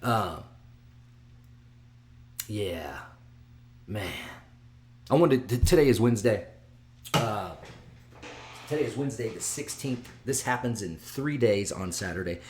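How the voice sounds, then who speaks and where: A man hosting his own video, talking excitedly and rambling, with frequent restarts and sudden drops to a mutter. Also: on the low side. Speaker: vlog host giving fight picks. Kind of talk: casual solo video chat.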